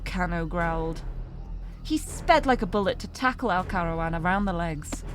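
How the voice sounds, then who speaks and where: A woman streamer reading a story game aloud, narrating expressively and breaking off to laugh and comment. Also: on the high side.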